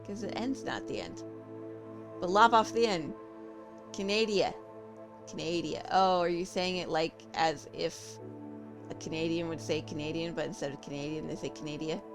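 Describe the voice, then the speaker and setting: A woman's voice: sits low, moderate pace. A woman from California, streaming a game and chatting casually with her viewers, thinking aloud and answering their comments. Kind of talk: casual live-stream chat while gaming. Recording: game music playing behind.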